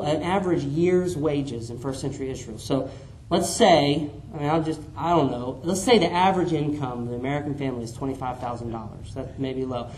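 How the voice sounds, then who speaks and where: Animated preacher in an echoey room. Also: male voice, a little high, a little hiss or hum. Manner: animated, acts out the Bible figures in voices. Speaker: pastor. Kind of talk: sermon. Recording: echoey room with faint ambience.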